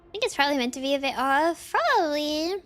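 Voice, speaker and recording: High-voiced woman with a slight lisp. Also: very animated, fast, a bit bright, faint music behind. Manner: muttering to herself, repeating words aloud. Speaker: VTuber streamer. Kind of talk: casual live game stream chatter.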